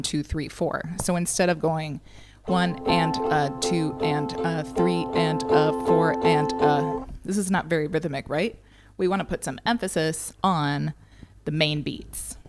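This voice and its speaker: Woman, fairly low voice, ukulele teacher, patient, counting beats aloud, soft ukulele behind. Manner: patient, counts and calls strums rhythmically.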